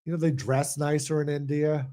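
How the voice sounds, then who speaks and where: A male podcast co-host with a slightly higher voice chats casually. He drops dry, deadpan wisecracks. The conversation is loose and relaxed. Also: normal speed. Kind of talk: casual chat.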